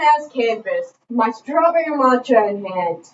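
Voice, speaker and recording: A woman's voice: fairly high pitch, moderate pace, a little hiss or hum. A young woman and art student co-hosting a podcast, telling a skateboarding story in a playful, slangy way. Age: young adult. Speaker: podcast co-host. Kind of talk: casual storytelling chat. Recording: echoey room, distant mic, dull lo-fi sound.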